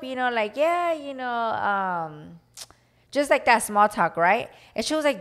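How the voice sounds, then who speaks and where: A woman's voice: mid-range voice, brisk. A woman in her thirties co-hosting a podcast, telling a story in casual chat and acting out other people's voices, slipping in Spanish phrases. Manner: animated storytelling, acts out quoted voices, mixes in Spanish phrases. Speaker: podcast co-host.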